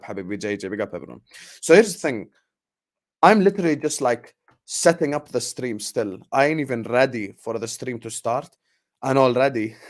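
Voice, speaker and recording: A young man hosting a casual football livestream, talking excitedly, repeating himself and urging viewers to like and subscribe. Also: mid-range voice. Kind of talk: casual live-stream football chat.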